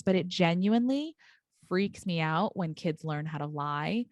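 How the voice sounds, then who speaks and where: A young woman teacher co-hosting a casual podcast, with a slightly low-pitched voice. She speaks frankly and with emphasis, dropping quick asides. The recording is dry and close. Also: creaky, no room sound. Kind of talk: casual chat.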